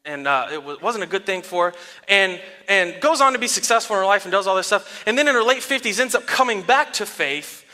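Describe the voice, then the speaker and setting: A man in his thirties, a pastor giving a sermon in a relaxed storytelling way, laughing often. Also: sits high, a little fast. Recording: long reverb of a large hall.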